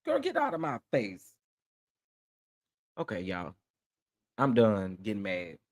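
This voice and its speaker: Sassy, animated man hosting a live stream. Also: lowish voice, slow. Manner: sassy and animated, repeats phrases for emphasis. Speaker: livestream host. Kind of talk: casual live-stream commentary.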